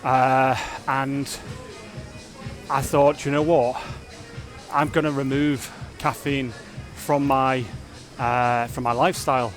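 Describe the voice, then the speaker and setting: A man of medium pitch chats to camera about his training, energetic and a little rambling, often circling back on his own words. He sounds self-reflective and open, like a vlogger, with faint music playing behind him. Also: takes it slowly. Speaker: fitness vlogger. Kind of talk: casual vlog talk to camera.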